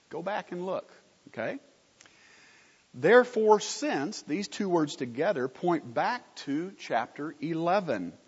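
With a fairly high, breathy-edged voice, a man preaches to his congregation, firing questions at them and supplying the answers himself in an emphatic, instructive manner. Long hall reverb fills the muffled recording.

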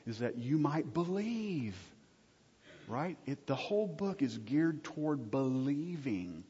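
A man's voice: a little high, sing-song, takes it slowly, mellow. A man preaching a sermon as pastor, conversational, often checking in with the congregation and joking with them. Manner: asks the audience frequent check-in questions. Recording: husky voice, long hall reverb, dull lo-fi sound.

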